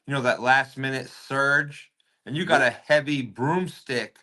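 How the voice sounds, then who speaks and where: A man hosts a casual chat with a bright, forward tone. He is enthusiastic and chimes in often to agree. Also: medium pitch. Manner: enthusiastic, quick agreeing interjections. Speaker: host.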